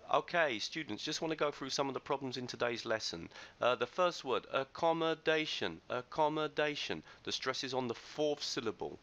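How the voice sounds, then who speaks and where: A man's voice: lowish voice, bright, forceful tone. A man giving a chatty, enthusiastic screencast tutorial as a teacher trainer, recorded on a computer microphone. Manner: chatty, enthusiastic explaining with loose restarts.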